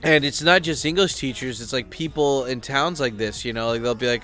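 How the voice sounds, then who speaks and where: A man's voice: mid-range voice, brisk, few pauses, a bit bright, faint music behind. A man giving loose, rambling commentary as a YouTube host, full of fillers and casual swearing.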